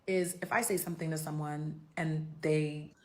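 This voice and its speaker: A woman's voice: deep voice, steady tone, normal speed, a little mellow. A woman giving a blunt, emphatic monologue to camera, her voice jumping up sharply when she drives a point home. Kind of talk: direct-to-camera social media monologue.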